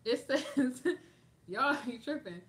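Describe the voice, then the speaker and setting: A woman from the United States, reading news aloud and commenting on it in a sassy, animated way. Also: high-pitched, takes it slowly. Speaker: vlogger reacting to news.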